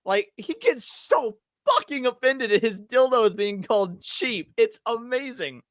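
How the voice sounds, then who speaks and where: A man's voice: very high-pitched, unhurried, dry recording. A man co-hosting a movie review podcast who makes sarcastic jabs and acts out scenes. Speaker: podcast co-host. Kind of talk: casual chat.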